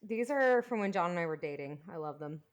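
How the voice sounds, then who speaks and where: A woman co-hosting a casual podcast who tosses in quick jokes. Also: lowish voice, expressive, highs cut off. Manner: joking, quick wisecracks. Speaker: podcast co-host. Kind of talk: casual chat.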